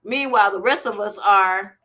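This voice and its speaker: A woman runs a casual livestream, reading out viewers' comments, laughing a lot and calling people honey and baby. Her voice is mid-range and fairly bright, and she talks at a moderate pace.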